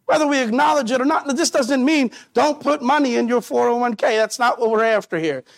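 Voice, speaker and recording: A man preaching a sermon as pastor, earnest and slowly stretching out his key phrases. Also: extremely high pitch, vocal fry, dry recording.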